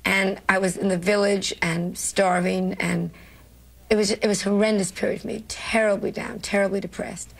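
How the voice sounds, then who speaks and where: Gravelly New woman telling stories. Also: mid-range voice, normal speed. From New York. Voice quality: gravelly, husky. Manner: animated storyteller acting out quoted lines. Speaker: comedian interview guest. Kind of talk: television interview recollection.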